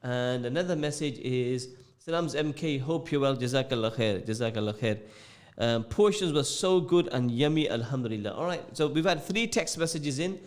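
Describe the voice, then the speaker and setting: A man's voice: mid-range voice, lively intonation, normal speed. A man hosting a radio show with a mixed northern English and London accent, chatting casually, joking and repeating phrases as he reads out listener messages. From England. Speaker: radio host. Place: radio studio.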